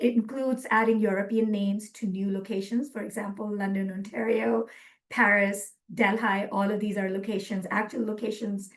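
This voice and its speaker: A woman presenting a webinar lecture from slides, earnest and measured, with frequent ums. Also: medium pitch.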